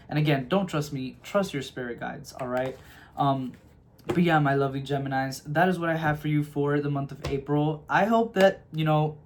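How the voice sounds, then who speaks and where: A man's voice: fairly high pitch, a little mellow, a little hiss or hum. A man giving a casual tarot reading to camera, chatty and reassuring, often checking in with "okay?" and calling his listeners his loves. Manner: affectionate, calls listeners "my loves". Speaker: tarot reader.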